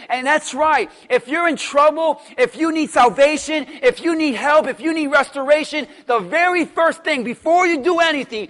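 A man preaching a sermon as pastor, emphatic and repetitive, swinging from quiet talk to shouted lines. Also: very high voice, normal speed, few pauses, big-room sound. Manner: repeats phrases for stress.

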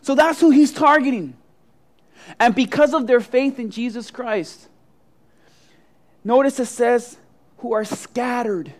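A preacher giving a sermon and telling a story with dramatic swings from soft to loud. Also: mid-range voice, a little slow, pauses often.

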